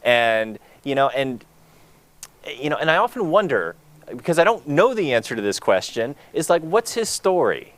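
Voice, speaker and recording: Earnest, rambling male co-host with an animated voice. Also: mid-range voice, moderate pace. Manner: earnest, rambling, many fillers and restarts. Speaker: gala co-host. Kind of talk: heartfelt live co-hosting.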